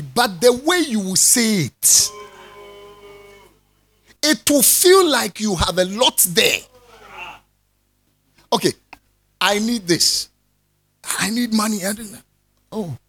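Lively high-voiced man preaching. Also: breathy edge. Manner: animated preaching, jokes with the congregation, calls for responses. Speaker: pastor. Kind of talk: sermon.

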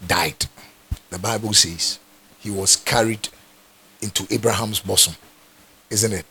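A man's voice: on the low side, fairly even intonation, unhurried, bright, forceful tone. A man with a Ghanaian accent, a pastor preaching a sermon with emphatic repetition. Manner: emphatic, repeats phrases for stress.

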